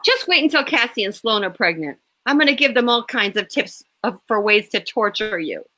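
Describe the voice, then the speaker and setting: A woman's voice: on the high side, animated, normal speed, bright, forceful tone. A woman voicing a bossy pregnant Bostonian. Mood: sassy. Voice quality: sassy, bossy. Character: sharp-tongued pregnant woman, office manager.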